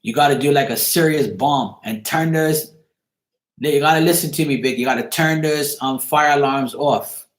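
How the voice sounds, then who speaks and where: A man's voice: fairly high pitch, normal speed. A man hosting a casual live chat, giving a viewer advice in an emphatic, repetitive way, swearing freely and checking in with "right?" again and again. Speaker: host of a live chat show. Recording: echoey room.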